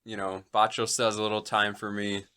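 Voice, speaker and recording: A man's voice: on the low side, little pitch movement, a little fast, pushed and bright, clear, resonant tone. A man co-hosting a sports podcast in casual chat, easygoing and joking, often chiming in to agree. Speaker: podcast co-host.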